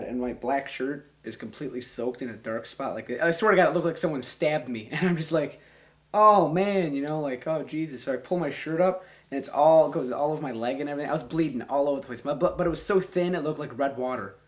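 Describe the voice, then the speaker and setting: A young man in his twenties telling a long, rambling, profane story in a casual, animated way. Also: fairly high pitch, fast talker, few pauses.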